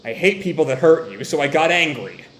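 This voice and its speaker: A man reading as a quiet, apologetic immortal youth. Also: fairly high pitch, lively intonation, fairly quick, echoey room, lightly acted, poor audio. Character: immortal shapeshifting being as a quiet young man.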